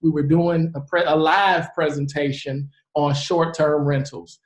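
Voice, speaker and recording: A man in his forties, a real estate investor, giving a live presentation and telling stories in an earnest, animated way. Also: a little high, unhurried. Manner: earnest, animated storyteller who acts out the people he quotes. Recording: roomy echo.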